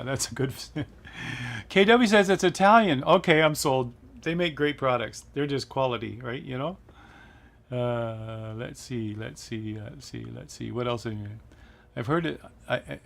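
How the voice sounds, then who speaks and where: Man, middle-aged, gravelly, chatty livestream host, reads chat aloud, laughs a lot. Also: medium pitch.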